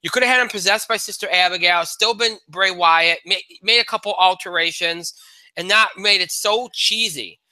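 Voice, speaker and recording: A man's voice: high voice, normal speed, pushed and bright, no echo. A man co-hosting a casual sports podcast, rambling with frequent restarts and a frustrated tone. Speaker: podcast co-host.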